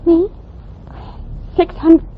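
An actress playing an earnest, eager young showgirl in an old radio drama. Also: drawn-out words. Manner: earnest, pleading. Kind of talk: 1940s radio drama acting. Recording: thin phone-like old radio sound.

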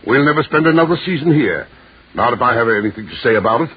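An actor playing a pompous, blustering lord who sputters and stammers, in an old radio play. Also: male voice, mid-range voice, expressive, fast talker, husky, no echo. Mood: grumbling. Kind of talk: 1930s radio drama acting. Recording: muffled old radio recording.

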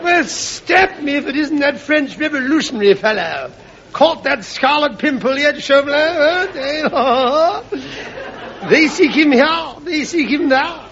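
An actor playing a foppish, cheeky English aristocrat husband who talks in a silly, mocking way with sudden shouts. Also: male voice, very high-pitched, lively intonation, a little slow, gravelly, a faint crowd, exaggerated voice. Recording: muffled old broadcast, hiss, audience laughter.

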